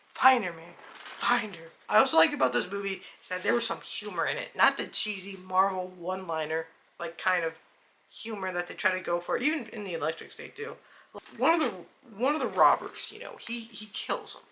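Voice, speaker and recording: Excitable woman gushing about a movie, bright sharp voice, faint hiss behind. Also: mid-range voice, fairly quick, vocal fry. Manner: excitable, chatty, addresses viewers as "dude" and "guys". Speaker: movie reviewer. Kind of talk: casual movie review vlog.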